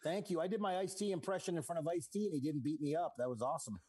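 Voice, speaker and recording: A man's voice: a little high, rapid-fire, dark tone, breathy edge, no room sound. A middle-aged man, a comedian telling rambling, self-mocking jokes over a video call.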